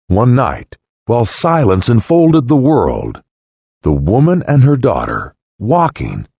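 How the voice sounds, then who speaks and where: A man with a low, husky voice reads old parables very slowly and solemnly. His pitch rises and falls dramatically from phrase to phrase. The sound is close and dry. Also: a little mellow, dry recording. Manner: solemn, deliberate, with wide swings in pitch. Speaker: narrator. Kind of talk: slow dramatic reading of parables.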